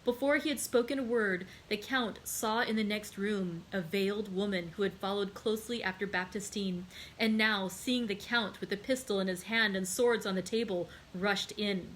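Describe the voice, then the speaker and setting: A woman hosting a library read-aloud, narrating a classic novel in a steady, unhurried way. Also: mid-range voice, slight background noise, rough recording.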